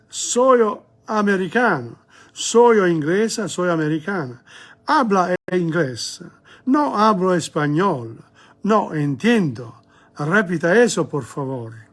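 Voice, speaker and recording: A man's voice: sits high, expressive, unhurried, fairly bright tone. A man teaching a casual video language lesson, rambling a little and repeating each phrase aloud for practice.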